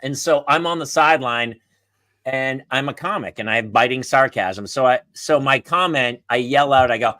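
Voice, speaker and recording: A man, a comedian and podcast host, telling a sarcastic story and acting out the shouted quotes. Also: mid-range voice, moderate pace, no echo. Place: live podcast set.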